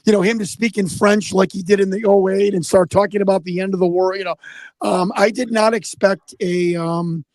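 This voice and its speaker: A rambling American man with a notably high voice tells a story in a casual interview. He keeps stumbling over repeated words and acts out the voices of the people he quotes. The sound is close and dry, with almost no room echo. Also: fairly even intonation, moderate pace, a little mellow. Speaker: guest investigator.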